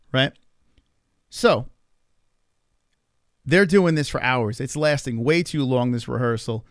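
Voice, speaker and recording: A man hosting a livestream, telling a behind-the-scenes story in a casual, animated, profane ramble full of fillers. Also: mid-range voice, dry recording, clean studio sound. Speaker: livestream host. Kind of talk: casual storytelling to a live chat.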